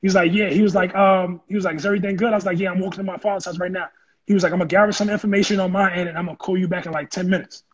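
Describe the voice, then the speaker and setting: A man telling his story in an interview, animated and acting out the voices of people he quotes. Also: sits high, rapid-fire, highs cut off, a crowd in the background. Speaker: interview guest, former football player. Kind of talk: casual storytelling.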